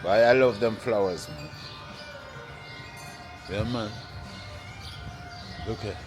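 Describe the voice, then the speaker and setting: Guy filming a walk round a garden nursery on his phone, slow easygoing talk, faint music and birds behind. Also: on the low side. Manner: laid-back, repeats "yeah, man" often. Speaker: vlogger. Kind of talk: casual walking vlog to camera. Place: open-air plant nursery, outdoors.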